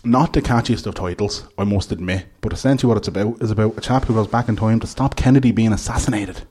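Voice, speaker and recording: A man's voice: lowish voice, fast, darkish tone. An Irish man hosting a live podcast from a hotel, joking and laughing in casual chat. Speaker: podcast host.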